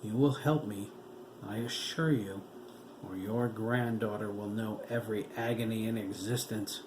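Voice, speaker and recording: A man's voice: lowish voice, fairly even intonation, measured pace, noisy background, lightly acted. A man playing a cold, menacing officer. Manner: threatening, clipped.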